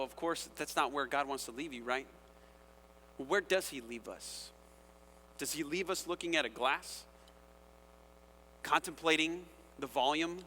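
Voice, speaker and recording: A man preaching a sermon in a casual, conversational and animated way, often checking in with the audience. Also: a little high, big-room sound, a little hiss or hum. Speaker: pastor.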